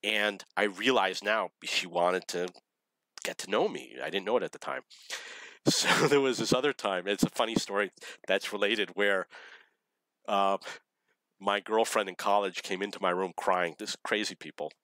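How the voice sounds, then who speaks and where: Blunt, bright-toned storytelling man. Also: fairly low pitch, normal speed, dry recording. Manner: blunt, opinionated, laughs at his own stories. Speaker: vlogger telling dating stories. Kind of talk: rambling personal storytelling.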